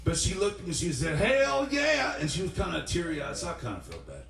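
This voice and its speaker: A man's voice: on the high side, big pitch swings, quick pace, creaky. A young man, a singer-songwriter, tells a rambling, self-deprecating story between songs at a live-streamed studio show. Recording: roomy studio, mic at a distance.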